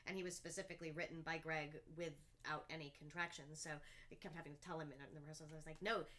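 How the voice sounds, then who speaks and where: A woman who directs and co-produces the show, telling stories in an animated way during a casual interview. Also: low-pitched. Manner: fast, animated storytelling.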